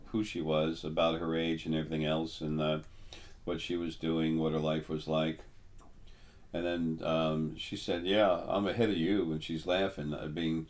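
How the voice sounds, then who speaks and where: An older man, a spiritual teacher, talking casually in a rambling monologue, halting often with ums and restarts. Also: a bass voice, a little mellow.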